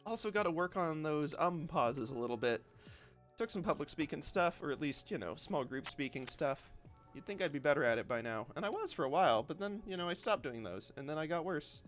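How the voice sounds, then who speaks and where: A man's voice: on the high side, brisk. A man with a light Southern US accent, chatting casually on a live stream as he draws, rambling and talking to himself with frequent ums. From southern United States. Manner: relaxed, rambling, self-talk with many ums and y'alls. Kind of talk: casual live-stream chat while drawing. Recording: faint lo-fi music behind. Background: lo-fi music.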